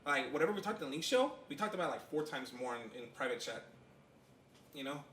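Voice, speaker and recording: A man on a podcast, talking fast and a little high, rambling through a story with plenty of fillers. His voice rings in an echoey room. A faint hum sits underneath. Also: lively intonation, fairly bright tone. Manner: rambling, lots of fillers, laughs while telling stories. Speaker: podcast co-host. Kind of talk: casual chat, storytelling.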